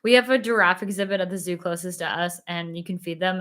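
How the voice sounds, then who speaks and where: A woman's voice: on the low side, quick pace, a bit bright. Chatty young woman on a livestream. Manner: chatty, giggly, lots of fillers. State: a little tired. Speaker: livestream host. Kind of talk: casual livestream chat reading comments.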